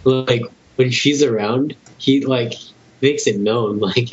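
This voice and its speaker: A man's voice: mid-range voice, slow pace, breathy edge. A young man co-hosting a casual podcast, rambling and hesitant with many restarts and curse words. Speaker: podcast co-host. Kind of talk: casual chat. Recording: dull lo-fi podcast audio with faint hiss.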